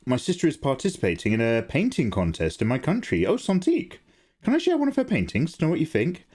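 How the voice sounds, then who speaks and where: A man's voice: fast talker, slightly rough. A man hosting a live drawing stream, chatting casually and reacting to viewer messages, laughing often. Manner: chatty, animated, laughs often, jumps to high pitch when excited. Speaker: art livestream host. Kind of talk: casual chat while drawing, reading chat.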